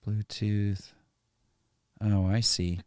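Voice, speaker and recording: A man's voice: fairly low pitch, level tone, extremely slow, a little mellow, smooth, dry recording. A man hosting a live stream, chatting in an easygoing way and laughing often. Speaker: livestream host. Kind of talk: casual live-stream chat.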